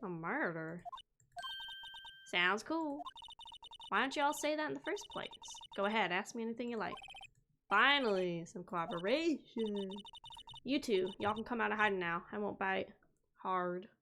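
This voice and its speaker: A woman's voice: mid-range voice, expressive, normal speed, long pauses, bright, forceful tone, a little hiss or hum. A woman doing a drawling Southern gal. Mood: brash. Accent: Southern US, put on. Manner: drawling, folksy, brash. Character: brash folksy young Southern woman photographer.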